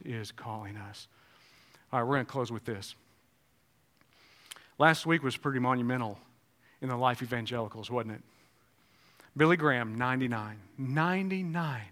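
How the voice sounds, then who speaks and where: A pastor preaching a sermon, swinging between loud exclamations and hushed, tender passages. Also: male voice, medium pitch. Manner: swings from shouting to hushed tones.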